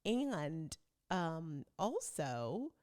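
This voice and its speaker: A woman's voice: low voice, sing-song, very slow, a little mellow. A woman hosting her own vlog, chatting casually and rambling along as a self-described talker. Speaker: vlog host. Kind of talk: casual chat.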